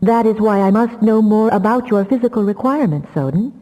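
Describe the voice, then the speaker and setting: A woman's voice: medium pitch, lively intonation, normal speed, in a large hall, muffled recording, pitched above the performer's own voice, natural voice. A woman voicing a passionate, defiant young telepath who pleads and cries out. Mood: guarded. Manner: pleading, strained, near shrieking.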